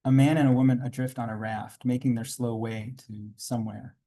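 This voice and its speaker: A man reading aloud from his own graphic memoir at a conference panel, quiet and reflective, with small asides to the audience. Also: medium pitch, fairly even intonation, brisk. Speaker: comics artist reading his work at a panel.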